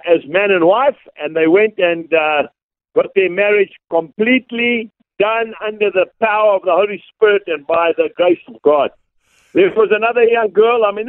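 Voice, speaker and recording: A South African man, an evangelist, telling stories earnestly with many pauses and fillers over a phone line. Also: high voice, dry recording. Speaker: guest evangelist.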